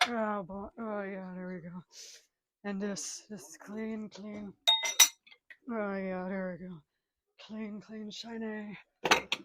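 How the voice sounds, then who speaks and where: Woman, crude comedic vlogger, constant groaning and cursing to herself, unhurried delivery, noisy home kitchen. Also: medium pitch, little pitch movement. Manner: melodramatic wailing outbursts. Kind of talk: crude comedic rambling while doing chores.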